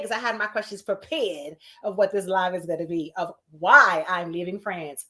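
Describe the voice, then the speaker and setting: A woman hosting her first livestream from home, talking in an excited, nervous and giggly way with lots of exclamations. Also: fairly low pitch, normal speed, hardly any pauses. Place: home in Paris.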